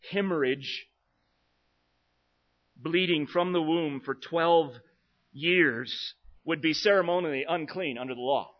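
An earnest male preacher working through a text verse by verse, his fairly high voice pushing up for emphasis and then sinking low and quiet. The recording is dull and lo-fi. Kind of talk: expository sermon. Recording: dull lo-fi sound.

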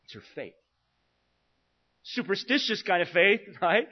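An earnest male preacher working through a text verse by verse, his fairly high voice pushing up for emphasis and then sinking low and quiet. The recording is dull and lo-fi. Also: very animated, measured pace. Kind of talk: expository sermon. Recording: dull lo-fi sound.

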